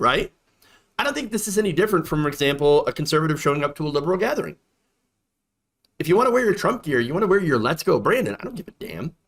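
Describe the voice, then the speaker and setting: An indignant man delivers online political commentary with a sarcastic edge. His pitch swings widely as he talks. He circles back on his points, repeating phrases for emphasis. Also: a bit bright.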